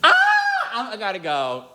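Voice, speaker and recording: A young man chatting casually to his viewers, sassy and slangy, breaking into laughs and high squeals. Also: very noisy. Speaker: vlogger.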